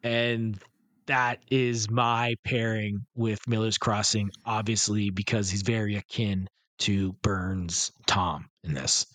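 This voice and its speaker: A man's voice: lowish voice, fairly even intonation, takes it slowly, fairly bright tone, dry recording. A man co-hosting a film podcast in casual chat, from Canada, rambling and swearing, often trailing off mid-thought. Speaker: podcast co-host.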